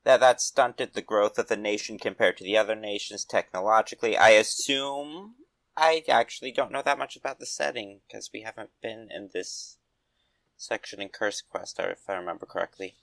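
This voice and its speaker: A man's voice: lowish voice, moderate pace, gravelly, fairly bright tone, no room sound. A young man playing his character in a tabletop game, easygoing and thinking aloud. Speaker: player. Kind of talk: tabletop role-play.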